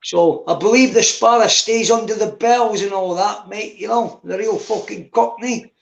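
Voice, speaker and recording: A man's voice: high voice, moderate pace, vocal fry. A Scottish man in his fifties chatting casually on a live stream, swearing freely and calling the listener mate. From Scotland. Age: 50s. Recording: echoey room.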